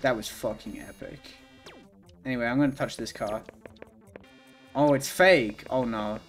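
A man at medium pitch streaming a video game, reacting out loud as he plays. He swears freely and lurches between low muttering and sudden loud outbursts. Quiet game music plays underneath. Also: unhurried. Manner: excitable, profane, swings from mumbling to yelling. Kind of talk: live gaming commentary.

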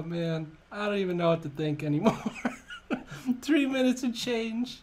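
A middle-aged man giving live chess stream commentary, excitable, talking to himself and breaking into frequent laughter. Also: high voice, a little slow, a little hiss or hum.

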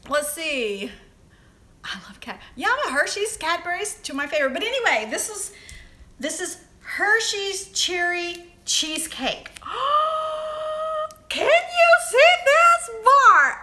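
Greeting viewers by name, a chatty middle-aged woman with a Southern US accent runs a casual livestream from an echoey room. Her voice is very high-pitched and sharp.

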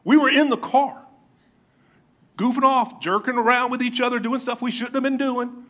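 A very high-pitched man from Florida, speaking at a moderate pace, preaches as a pastor in church. He tells jokey childhood stories with lots of energy, an animated storyteller.

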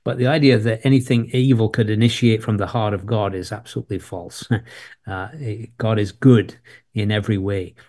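A man's voice: fairly low pitch, fairly even intonation, normal speed, warm tone. Man giving a conversational verse-by-verse Bible teaching. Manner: conversational and explanatory, reading scripture aloud then unpacking it.

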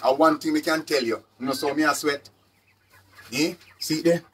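A man's voice: fairly high pitch, fairly even intonation, moderate pace, fairly bright tone, slight background noise. A Jamaican man hosting a live stream to sell chickens, talking casually in patois and repeating his phrases.

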